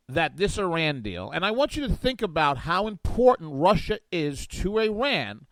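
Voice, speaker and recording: Into a studio microphone, a male guest host delivers political talk radio commentary, reading an article aloud and riffing on it with sarcastic animation. His voice is high and swings widely. The audio is dry, with no room echo.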